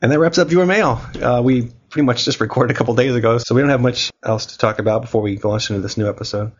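A man with a cold hosts a casual podcast, cracking dry jokes as he runs through a recap. His voice sits at an ordinary middle pitch, and the recording is dull and muffled, like a cheap lo-fi setup. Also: fast. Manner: wry, joking delivery. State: has a cold. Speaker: podcast host. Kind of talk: casual chat and scripted recap.

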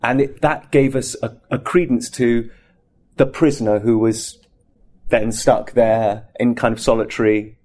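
A man talking as an actor in an interview, telling anecdotes in an animated, casual way and acting out bits of scenes. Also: mid-range voice, unhurried. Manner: animated storyteller, acts out scenes.

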